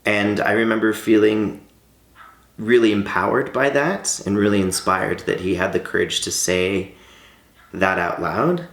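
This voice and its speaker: A man's voice: lowish voice, fairly even intonation, unhurried, fairly bright tone, reverberant. A man in his late thirties who vlogs. He tells a personal story in a candid, heartfelt way. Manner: candid and heartfelt, with light laughs. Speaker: vlogger.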